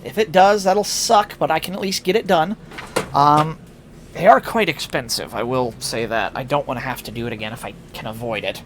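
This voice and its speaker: A man's voice: on the high side, moderate pace, a bit bright, slight background noise. A tired man chatting casually on a live stream through a headset, rambling with fillers and restarts. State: tired, yawning.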